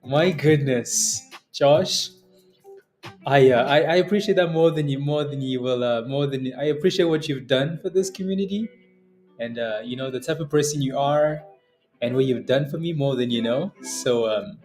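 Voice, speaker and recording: A young man hosting a day trading livestream, emotional and laughing often, halting with many fillers as he thanks a viewer. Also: mid-range voice, a little mellow, faint music behind. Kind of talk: casual livestream chat.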